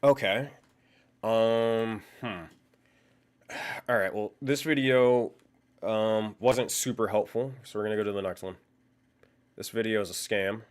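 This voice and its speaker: A man's voice: fairly low pitch, unhurried, pauses often, smooth. A young man hosting a live stream, chatting loosely with his viewers, thinking aloud, swearing and laughing often, speaking into a condenser microphone. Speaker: livestream host. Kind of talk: casual live-stream chat.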